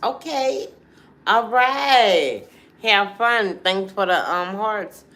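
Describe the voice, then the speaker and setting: A woman, hosting a casual livestream and talking straight to her viewers in a chatty, animated way. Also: medium pitch, drawn-out words. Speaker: livestream host.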